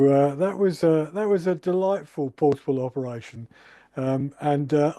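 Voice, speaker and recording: A man's voice: fairly high pitch, mellow, no echo. Dry-sounding, chatty male club host. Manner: chatty, laughing often, halting. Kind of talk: casual chat.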